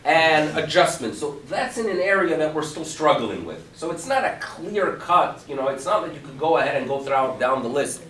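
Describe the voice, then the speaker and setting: A man, a rabbi, teaching a class to a congregation, lively and full of rhetorical questions. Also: fairly high pitch, normal speed, hardly any pauses. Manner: animated, asks rhetorical questions. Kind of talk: lecture to a congregation. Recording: echoey room, mic at a distance.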